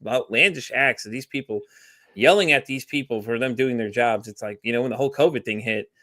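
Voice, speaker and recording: A podcast guest from Texas spins quick, meandering stories in a relaxed conversation, voicing the quoted lines himself. His mid-range voice sounds bright and forceful, with studio quality and no echo.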